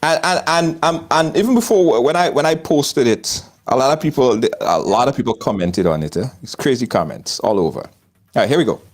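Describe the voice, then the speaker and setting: A man's voice: medium pitch, expressive, fairly quick, few pauses. A man from Trinidad with a Trinidadian accent, hosting a live talk show over a video call, laughing often and repeating himself. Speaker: host. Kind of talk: lively live-show chat.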